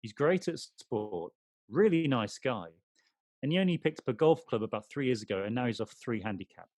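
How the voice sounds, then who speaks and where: A man's voice: medium pitch, very animated, fairly quick, a little mellow, dry recording. A man co-hosting a podcast in casual chat, teasing and playful in banter. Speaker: podcast co-host.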